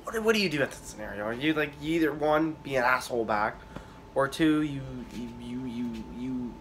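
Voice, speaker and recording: A man's voice: medium pitch, expressive, fairly bright tone, a little hiss or hum. A young man telling casual stories on his vlog, rambling and swearing, with lots of fillers and restarts. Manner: rambling, profane, halting with many fillers. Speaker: vlogger.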